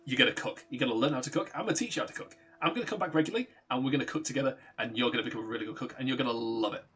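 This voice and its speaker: A man's voice: mid-range voice, racing, a bit bright, husky. A man voicing a blunt, pushy male wanderer in a retold story, offhand and bossy.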